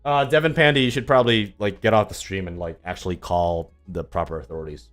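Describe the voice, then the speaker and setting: A man's voice: low voice, fairly even intonation, fast, fairly bright tone, faint music behind. A young man chatting casually on a livestream, sarcastic and rambling with lots of ums, answering viewers. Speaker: tennis YouTuber streaming live.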